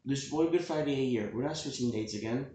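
Casting: man, mid pitch, rambling deadpan storyteller, echoey room. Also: quick pace. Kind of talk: joking casual chat.

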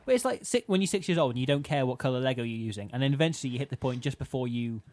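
A man's voice: medium pitch, rapid-fire, a little mellow. A young man in a casual chat, making wry, teasing remarks.

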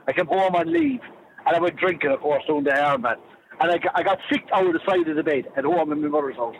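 A man's voice: high voice, fairly bright tone, slight background noise, low-quality recording. A man on a radio chat, telling jokey anecdotes.

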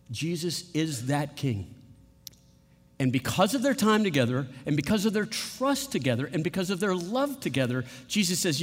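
A man preaching a sermon in an earnest tone, leaning on key words and slowing down to stress them. His voice sits a little high for a man, and a long reverb trails behind it. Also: big pitch swings, breathy edge. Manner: earnest preaching, slows for emphasis, repeats words. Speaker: pastor.

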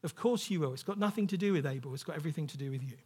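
A man's voice: a little high, expressive, very fast, darkish tone, slightly rough. A male preacher giving a sermon in a conversational, emphatic way, often checking in with the congregation.

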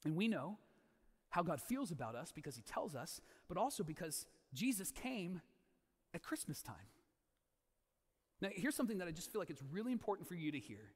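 A man in his thirties preaching a sermon as pastor, animated, acting out quoted voices and repeating key lines. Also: high voice, normal speed, slightly rough, big-room sound.

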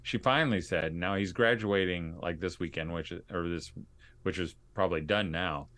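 A man's voice: sits low, moderate pace, fairly bright tone. A man hosting a podcast, telling stories in an earnest, conversational way to his listeners. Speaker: podcast host. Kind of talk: casual podcast monologue.

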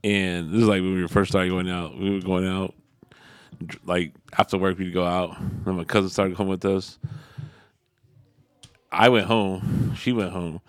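A man on a podcast tells a quick story in choppy bursts, laughing often. His voice is low and dry, sitting close to the mic. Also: fairly even intonation, no room sound. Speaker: podcast co-host. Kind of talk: casual storytelling chat.

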